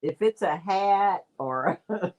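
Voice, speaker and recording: A woman's voice: on the low side, animated, slow pace, dull audio, background noise. A woman chatting casually with friends, telling teasing stories and laughing often. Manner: giggly, teasing storyteller. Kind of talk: casual chat among friends.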